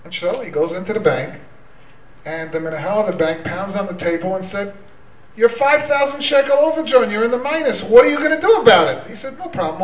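Man, event host, fairly high voice, chatty and halting, echoey hall, heard from a distance. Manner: chatty, hesitant, sprinkles Hebrew words. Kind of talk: live event talk with a joke. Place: hall at an evening community event. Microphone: handheld microphone, away from the recorder.

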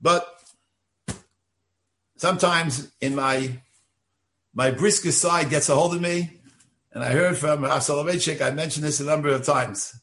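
An older man, a synagogue rabbi, giving a Torah lecture in an earnest, deliberate lecturing tone. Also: a little high, steady tone, fairly bright tone.

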